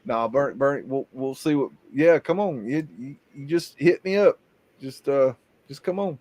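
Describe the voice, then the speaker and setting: A man's voice: mid-range voice, moderate pace, darkish tone. A man with a Southern US accent hosting a casual live chat, telling rambling stories with many restarts. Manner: rambling storyteller, frequent restarts. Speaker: show host.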